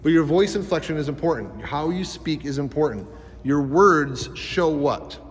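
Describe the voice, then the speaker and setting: In an echoey school gym, a man teaches youths a life skills class, speaking energetically and quizzing the kids with questions. His voice is on the high side, with lively intonation and a moderate pace.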